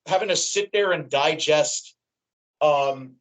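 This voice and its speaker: Animated fan guy, higher voice. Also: slow, low-quality recording. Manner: animated, voice jumps high when quoting himself. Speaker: wrestling fan guest. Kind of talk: excited recounting in casual chat.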